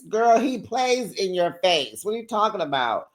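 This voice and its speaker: A woman's voice: medium pitch, normal speed. Sassy woman recapping reality TV. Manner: sassy, laughing, animated. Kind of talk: casual recap commentary.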